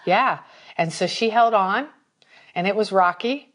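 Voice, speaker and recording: A woman's voice: medium pitch, a little slow, fairly bright tone. A woman talking casually on a podcast, telling a personal story with lots of feeling and animation. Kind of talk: casual chat.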